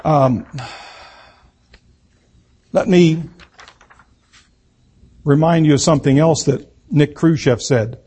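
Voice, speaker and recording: Slow, husky-voiced man making a political speech. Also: fairly high pitch, dark tone. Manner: slow, emphatic, repeats key words for effect. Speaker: political speaker.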